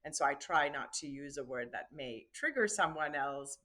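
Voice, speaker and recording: A woman hosting a podcast interview, warm and affirming toward her guest. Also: low-pitched, animated, normal speed. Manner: supportive, frequent affirming interjections. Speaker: podcast host. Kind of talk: casual interview.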